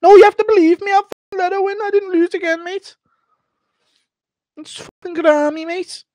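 Shrill, whiny boastful fighter. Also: male voice, steady tone, moderate pace, darkish tone, dry recording. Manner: shrill, defensive, swearing. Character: squeaky, whiny, boastful male fighter making excuses.

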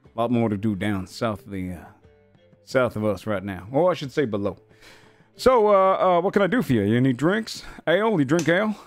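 A man's voice: mid-range voice, expressive, moderate pace, soft background music, natural voice. A man voicing a friendly, broad, gray-haired male minotaur barkeep who chats with newcomers. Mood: chatty. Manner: welcoming, chatty.

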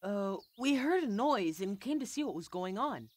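A woman's voice: mid-range voice, big pitch swings, moderate pace, no room sound. A cheeky young cartoon animal boy. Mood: friendly.

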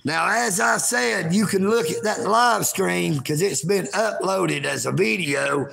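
A man, vlogging outdoors at a park in a folksy, rambling way that bursts into shouting. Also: sits high, creaky, breathy edge. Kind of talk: rambling livestream vlog.

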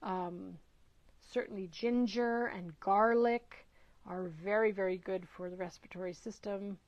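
A woman's voice: medium pitch, fairly even intonation, a little slow, dry recording. A middle-aged woman hosting a casual live-stream Q&A as a nutrition educator, encouraging her viewers and greeting them by name, with some hesitant fillers. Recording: dull lo-fi dry sound.

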